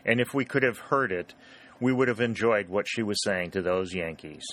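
A man voicing a gentle, lively young cavalry scout. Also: fairly low pitch, moderate pace, natural voice. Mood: amused. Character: young cheerful male Confederate scout.

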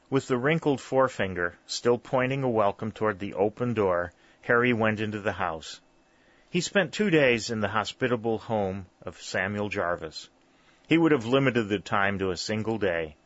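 Man, low voice, measured storybook narration, dry dull lo-fi sound. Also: animated, fairly bright tone, dry recording. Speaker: audiobook narrator.

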